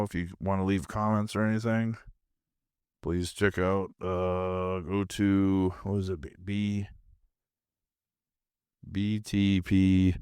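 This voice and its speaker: A man's smooth, low-pitched, slightly mellow voice carries a drowsy, half-asleep podcast ramble from his home movie room. The laid-back monologue wanders along, recorded at studio quality with no room sound.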